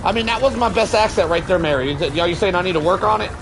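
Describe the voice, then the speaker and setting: High-voiced joking streamer man, noisy. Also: very fast, gravelly. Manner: joking, talks to chat, bursts into shouts. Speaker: game streamer. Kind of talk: casual gaming stream chat.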